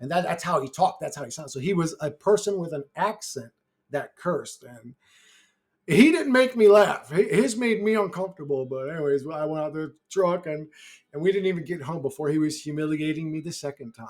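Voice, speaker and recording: A man's voice: a little high, animated, fairly quick, darkish tone. A man telling a rambling personal story to camera in a brash, profane way. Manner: brash, heavy swearing, rambling. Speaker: YouTuber. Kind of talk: casual storytelling.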